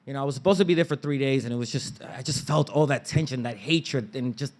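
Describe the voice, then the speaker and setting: Animated man telling a story on stage. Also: mid-range voice, quick pace. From Dominican family background. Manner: animated, acts out family members' lines in raised voices; casual street slang and swearing. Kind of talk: live personal storytelling on stage. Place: stage at a live story slam.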